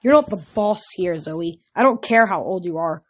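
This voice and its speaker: A woman's voice: lowish voice, lively intonation, normal speed, husky. A woman voicing a tough teenage demigod girl who speaks bluntly and commandingly.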